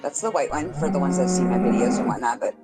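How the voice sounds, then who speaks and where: A woman hosting a live podcast in casual chat, animated and chatty, laughing often. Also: lowish voice, fast talker, loud music behind the voice, rough recording. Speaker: podcast host.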